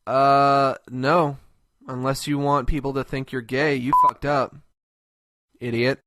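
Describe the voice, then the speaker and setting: In clean studio sound with no echo, a man uses a mid-range, level voice at a slow pace, pushed and bright. He plays a crude, contemptuous cartoon host full of scorn, abrasively mocking everyone in a comedic web cartoon.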